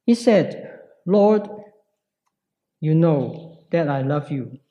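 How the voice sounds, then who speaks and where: A man preaching a sermon in a slow, reflective way with pauses. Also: on the high side, lively intonation, dark tone, highs cut off.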